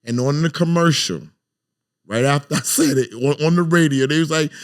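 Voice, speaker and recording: Guest: brash New York man, middle-aged, higher voice, tells profane stories and acts out quotes. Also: moderate pace. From South Jamaica, Queens, New York. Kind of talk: casual podcast chat.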